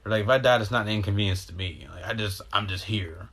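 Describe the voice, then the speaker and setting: Low-voiced man rambling about spirituality. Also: quick pace, a bit bright, husky. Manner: meandering, profane, emotional stream of consciousness. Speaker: host.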